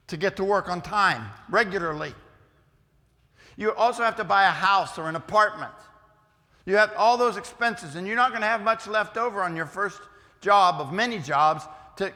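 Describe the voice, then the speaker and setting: An older man teaching a youth group in a church hall, folksy and teasing, with lively asides to the audience. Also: high-pitched. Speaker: youth speaker. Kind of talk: lively classroom lesson. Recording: long reverb of a hall.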